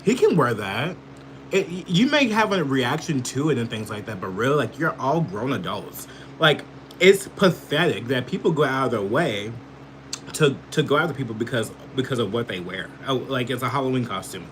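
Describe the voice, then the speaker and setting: A man's voice: medium pitch, expressive, moderate pace, fairly bright tone, slight background noise. A man from the United States giving heated, profane political commentary with lots of filler words. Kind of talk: casual ranting commentary.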